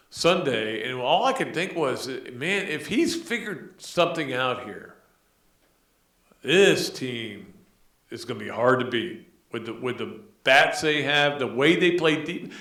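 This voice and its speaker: A middle-aged man hosts a sports podcast, talking in a loose, rambling way with plenty of fillers and restarts. His voice is bright and forward, and it rings a bit in an echoey room. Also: medium pitch. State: emotional. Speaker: podcast host. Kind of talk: casual sports talk.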